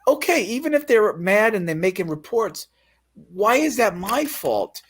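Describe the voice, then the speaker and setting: A man's voice: high-pitched, sing-song, moderate pace. Profane, ranting man telling a story. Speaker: guest telling his story. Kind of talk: casual chat.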